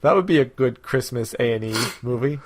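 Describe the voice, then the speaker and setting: A young adult man co-hosting a podcast, in casual chat with dry, deadpan jokes. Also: medium pitch, a little fast, slight background noise. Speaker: podcast co-host.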